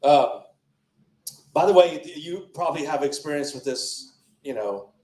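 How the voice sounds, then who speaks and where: A man's voice: fairly high pitch, expressive, a little slow, a little mellow. A man doing a crude, rambling stand-up set at an open mic, often breaking off mid-sentence. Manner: rambling, crude, self-interrupting. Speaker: stand-up comedian. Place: comedy club stage. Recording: echoey club room.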